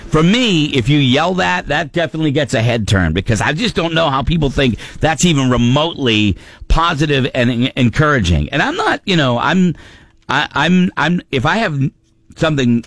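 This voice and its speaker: A man hosting a call-in radio show, talking in an animated way with frequent laughs and stammered restarts. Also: a little high, moderate pace, dry recording. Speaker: radio host.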